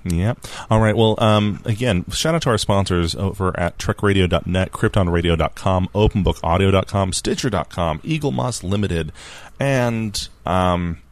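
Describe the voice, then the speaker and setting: A man's voice: low voice, moderate pace, dry recording. A man hosting a podcast, chatting casually, laughing easily and reading out listener feedback. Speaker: podcast host.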